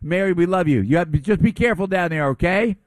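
A man's voice: sits high, lively intonation, quick pace, dry recording. Effusive male radio host, dry sound. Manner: effusive, gushing with praise and thanks. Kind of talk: live radio hosting.

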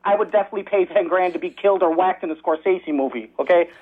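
Fast-talking Chicago caller on the phone. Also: male voice, high voice, slightly rough. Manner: very fast, scattered, jokey. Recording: tinny phone line.

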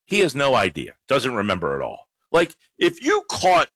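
A man hosting a call-in sports radio show, talking with callers and listeners in an animated way. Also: mid-range voice, no room sound. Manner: lively, animated, quick play-by-play bits. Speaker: radio sports talk host.

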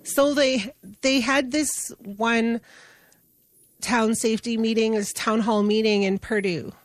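A woman's voice: on the high side, fairly even intonation, slow pace, no room sound. Earnest middle-aged woman, dry sound. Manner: earnest, conversational, with restarts and fillers. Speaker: guest, justice advocate. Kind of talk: storytelling in an interview.

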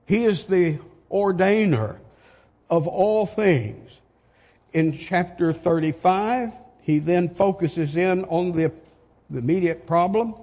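A husky older preacher delivers his sermon at an unhurried pace. He fires off rhetorical questions with emphatic force. The voice rings out with the long reverb of a large church hall. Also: high-pitched, lively intonation, darkish tone.

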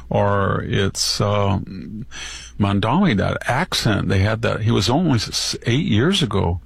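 A man with a gravelly, husky voice offers scornful, digressive political commentary. The sound is dry and close to the mic. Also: lowish voice, expressive, unhurried, no echo. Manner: scornful, digressive, quotes others mockingly. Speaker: guest commentator.

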